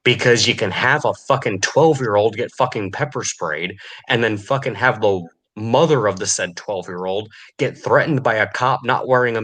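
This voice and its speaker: A man's voice: medium pitch, fairly bright tone. A man delivering an angry, profane podcast rant, sneering and furious. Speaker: podcast host.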